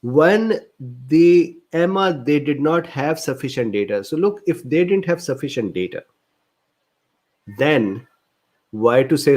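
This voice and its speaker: A man's voice: on the high side, expressive, unhurried, long pauses, darkish tone. A man, a physician educator, answering viewer questions in a livestreamed lecture Q&A, sounding exasperated and indignant as he vents. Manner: reads viewer questions aloud and answers them.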